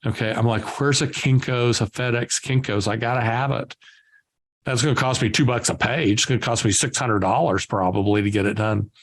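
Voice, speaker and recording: A man, a guest entrepreneur, telling lively stories in conversation and acting out the dialogue. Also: mid-range voice, a little fast. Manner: lively anecdotal storyteller, acts out dialogue. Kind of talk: conversational storytelling.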